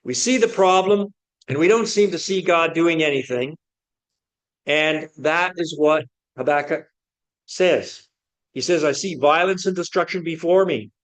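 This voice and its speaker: A man preaching a sermon, asking many rhetorical questions in an earnest, searching way. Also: a little high.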